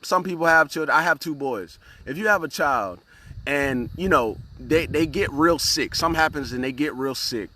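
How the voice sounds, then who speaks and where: A man's voice: on the high side, normal speed, pushed and bright. A man hosting a casual motivational live stream, speaking earnestly, repeating words and often asking "right?" as he greets viewers by name.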